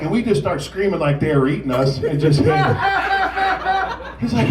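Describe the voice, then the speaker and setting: A man in his forties doing a stand-up set at an open mic, telling stories and acting out shouting drill instructors, with the audience laughing. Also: fairly high pitch, lively intonation, moderate pace, distant mic, noisy background. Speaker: stand-up comedian. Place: comedy club stage. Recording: roomy club sound from off mic with loud crowd laughter.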